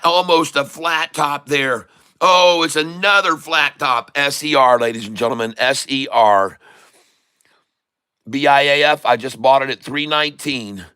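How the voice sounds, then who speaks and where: A middle-aged man hosting a live day-trading stream, giving excited running commentary and calling out to his viewers as "folks.". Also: fairly high pitch, clean tone, no echo, studio quality.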